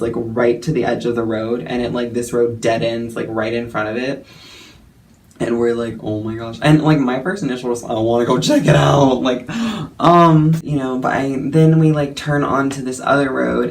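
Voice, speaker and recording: A young male vlogger with a medium-pitched voice and vocal fry tells a story casually, chatty and self-mocking, full of fillers and laughter.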